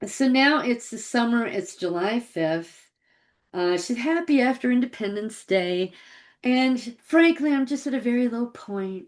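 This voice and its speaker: A woman's voice: fairly high pitch, expressive, moderate pace. Casting note: middle-aged woman, conversational storyteller, voice that rises and falls a lot as she relives old conversations. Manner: conversational, reflective, quotes her own past thoughts. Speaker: channel host recounting personal story. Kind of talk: casual personal storytelling.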